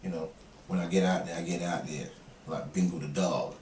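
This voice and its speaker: Middle-aged male guest, jokey rambling storyteller; slightly low voice, faint room ambience behind. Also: steady tone, fairly quick, darkish tone, a little hiss or hum. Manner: laughing, joking, rambling storyteller. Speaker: interview guest. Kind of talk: joking casual interview. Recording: echoey room, mic far off, faint ambience.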